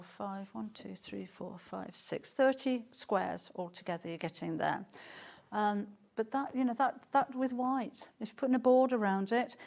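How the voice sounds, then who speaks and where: A woman's voice: medium pitch, vocal fry, darkish tone. A middle-aged woman presenting fabrics on a live sales show, chatting and gushing with lots of restarts.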